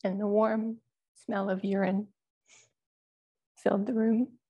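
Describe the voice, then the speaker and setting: A woman Zen teacher telling a personal story in a dharma talk, speaking in a quiet, measured, halting way. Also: mid-range voice, flat delivery, husky, dull audio.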